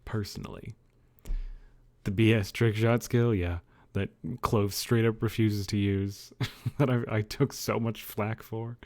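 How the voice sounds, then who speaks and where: A man's voice: on the low side, steady tone, unhurried, darkish tone. A man livestreaming from his bedroom, chatting loosely with viewers, rambling, joking and swearing. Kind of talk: casual chat with viewers. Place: own dimly lit bedroom.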